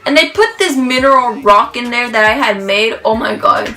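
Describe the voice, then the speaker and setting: Woman vlogger, excited rambling storytelling, bright tone, slightly high voice, faint music behind. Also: normal speed, rough recording. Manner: excited, rambling, gushing, heavy use of "like". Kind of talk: casual storytelling to camera.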